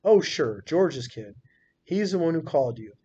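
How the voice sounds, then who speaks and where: A man doing a loud, brash mall boss. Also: fairly high pitch, very animated, normal speed, a little hiss or hum, pitched above the performer's own voice. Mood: eager. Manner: loud, boastful salesman patter. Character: brash middle-aged male circus mall owner. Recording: dull lo-fi recording.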